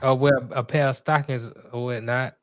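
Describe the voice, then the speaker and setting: A man's voice: medium pitch, steady tone, normal speed, dry recording, studio quality. A man co-hosting a casual podcast, laid-back and agreeable with a teasing humor. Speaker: podcast co-host. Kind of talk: casual chat.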